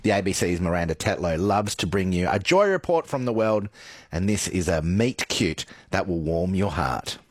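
A man presenting on radio in a lively, chatty way. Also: low-pitched, moderate pace, no echo.

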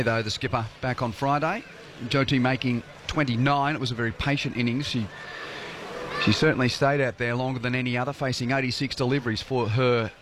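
Male radio cricket commentator, mid-pitched, chatty, relaxed asides. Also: background noise. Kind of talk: live radio sports commentary.

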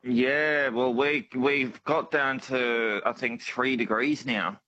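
Bright-voiced Australian man on a phone line. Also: medium pitch, steady tone, slow pace. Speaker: radio caller. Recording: dull phone line with faint noise.

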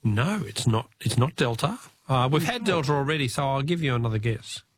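An Australian man hosting a talkback radio quiz, chatty and quick to laugh, repeating the question for each caller. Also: medium pitch, expressive, husky.

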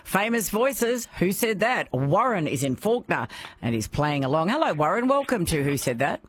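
A woman hosting a radio phone-in quiz, chatty and quick to laugh. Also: lowish voice, big pitch swings, breathy edge. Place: radio studio.

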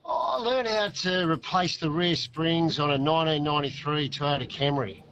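A man's voice: a little high, moderate pace, a bit bright, dull audio, a little hiss or hum. A man calling a radio quiz, laid-back and easygoing. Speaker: radio caller.

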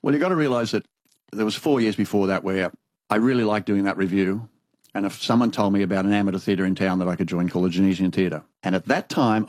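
A man's voice: lowish voice, no echo. Australian older man telling stories. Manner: animated anecdotal storyteller, acts out dialogue. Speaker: interviewee. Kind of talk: storytelling conversation.

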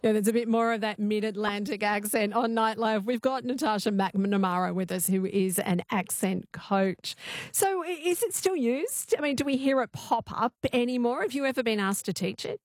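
A woman hosting a radio interview, lively and conversational, reading out listener messages. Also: on the high side, normal speed, no echo, studio quality. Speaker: radio host.

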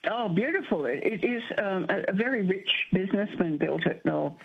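A woman's voice: mid-range voice, animated, normal speed, vocal fry, slightly rough. An older woman calling in to a radio show, answering quiz questions with friendly, hesitant replies. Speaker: radio caller. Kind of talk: casual phone-in chat. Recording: dull phone line.

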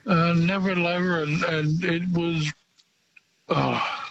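Slow, hesitant man caller. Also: on the high side, little pitch movement, gravelly, a bit bright, muffled recording. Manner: hesitant, searching for words. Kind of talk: call-in radio chat.

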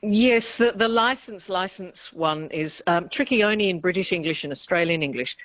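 A woman's voice: lowish voice, normal speed, a bit bright, dry recording. A woman professor of linguistics answering radio interview questions in a chatty, explanatory way, laughing often mid-sentence.

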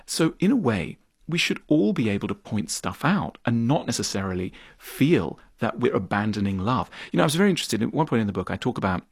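A man being interviewed as an author, explaining his ideas in conversation, animated and thoughtful, acting out little scenes as he goes. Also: a little fast, gravelly, few pauses, husky, no echo, studio quality. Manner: animated, acts out quoted voices with big pitch jumps; thoughtful, explanatory, repeats words when starting a point.

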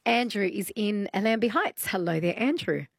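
An Australian woman hosts talkback radio, friendly and encouraging with callers. Her voice is gravelly and a touch breathy. The studio sound is close and dry. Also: mid-range voice, animated, moderate pace, dry recording. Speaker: radio host. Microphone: studio microphone.

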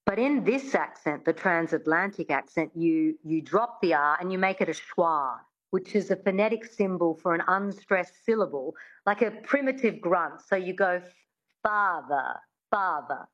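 A woman working as an accent coach on the radio. She explains patiently and models words slowly. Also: on the low side, animated, lo-fi sound.

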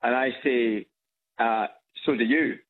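A man from Edinburgh with a Scottish accent, calling in to a radio show on a speakerphone, talking haltingly with lots of restarts. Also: medium pitch, steady tone. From Scotland. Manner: halting, with many restarts and fillers. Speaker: caller. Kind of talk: radio call-in chat. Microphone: phone on loudspeaker. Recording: tinny phone line with faint hiss.

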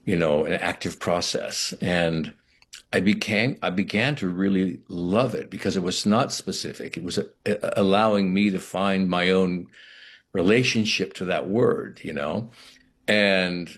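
A man, an actor, talking reflectively in an interview, halting often and restarting his sentences. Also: sits low, slightly rough. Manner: thoughtful, halting, with frequent restarts and "you know".

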